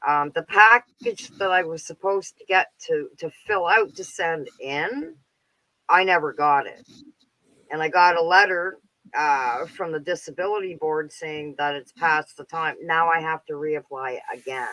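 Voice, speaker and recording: A man's voice: fairly high pitch, unhurried, pushed and bright, no room sound, poor audio. A Canadian man in his fifties chatting casually as a caller, rambling with plenty of filler words. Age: 50s. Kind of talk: casual chat.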